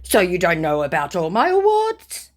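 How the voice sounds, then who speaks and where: A woman's voice: on the low side, wildly swooping pitch, normal speed, voice pushed up. Woman putting on a smug male scammer voice. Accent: Australian. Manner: smug, insistent, broken English. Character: self-righteous male online scammer, smug.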